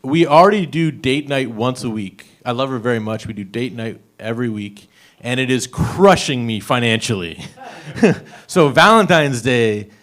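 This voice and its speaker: A man's voice: medium pitch, expressive, normal speed, fairly bright tone. A young man performing stand-up at an open mic, rambling through his jokes and laughing at his own lines. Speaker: stand-up comedian. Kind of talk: stand-up set. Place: open mic comedy stage.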